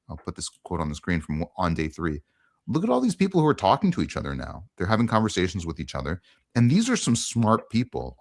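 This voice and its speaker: A man hosting a casual online conversation, talking earnestly with frequent ums. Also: low voice. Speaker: host.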